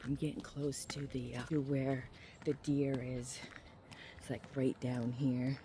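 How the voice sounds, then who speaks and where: A Maine vlogger meanders through a casual walking vlog on a small-town street, speaking low, slowly, and with a flat delivery. She drops in plenty of ums and likes and at times goes quiet to a hush. The phone mic records her outdoors with faint ambient sound.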